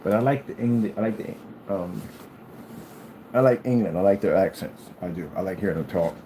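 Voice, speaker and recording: A man from the United States talking casually to his vlog audience, rambling and repeating himself, sometimes drawing words out slowly. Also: low voice, dark tone, a little hiss or hum, rough recording. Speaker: vlogger.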